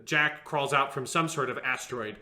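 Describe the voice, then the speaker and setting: A man's voice: mid-range voice, normal speed, bright, forceful tone, roomy sound. A man co-hosting a casual review discussion, rambling with many fillers and hesitant restarts, sometimes slipping into mocking impressions. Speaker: podcast co-host.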